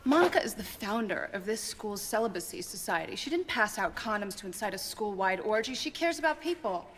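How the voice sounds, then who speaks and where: A woman's voice: medium pitch, big pitch swings, a little fast, in a large hall, a little hiss or hum, natural voice. Actress as an earnest middle-aged mother. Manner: firm, earnest. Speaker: parent.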